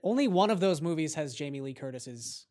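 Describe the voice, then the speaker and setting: A man's voice: on the high side, expressive, fairly quick, a little mellow. A man co-hosting a casual podcast, tossing in dry, teasing wisecracks. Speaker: podcast co-host.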